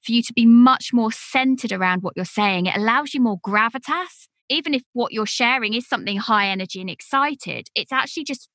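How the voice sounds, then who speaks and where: A woman hosting a podcast from home, asking engaged, enthusiastic questions in relaxed conversation. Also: fairly high pitch, a little fast, few pauses, no room sound, clean studio sound. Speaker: podcast host. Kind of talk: conversational interview. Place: home, remote call.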